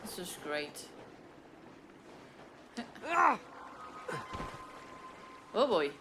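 A woman streamer narrating a game she plays for the first time, fretting out loud and cursing at it. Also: medium pitch, very animated, drawn-out words, background noise. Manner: swears often and frets loudly at the game. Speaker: gaming streamer. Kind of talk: blind let's play commentary. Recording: loud game music behind voice.

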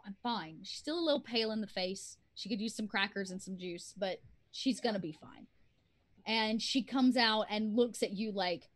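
A woman's voice: mid-range voice, normal speed. A woman running a tabletop role-playing game as game master, narrating the scene in a chatty way with many fillers.

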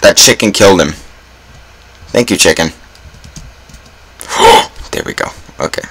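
A man's voice: deep voice, animated, a little slow, gravelly, a bit bright, husky, poor audio. A young man giving casual gameplay commentary, full of self-mocking groans and dramatic exclamations. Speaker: gaming YouTuber.

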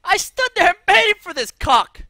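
A man's voice: very high-pitched, big pitch swings, normal speed, no echo. Brash, profane game streamer man. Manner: brash, profane, swings from muttering to shouting. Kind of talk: live gameplay commentary.

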